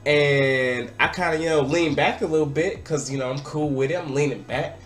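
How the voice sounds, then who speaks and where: A young man vlogging, telling a party story in a casual, excitable way and sometimes shouting out what people said. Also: fairly high pitch, moderate pace, soft background music. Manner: animated, excitable, breaks into loud acted-out quotes.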